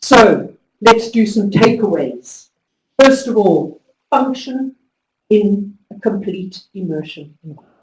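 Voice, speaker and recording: A woman giving a conference talk to teachers, telling stories with lively emphasis and driving home instructions. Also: medium pitch, takes it slowly. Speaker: conference speaker. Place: conference hall. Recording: echoey hall, distant mic.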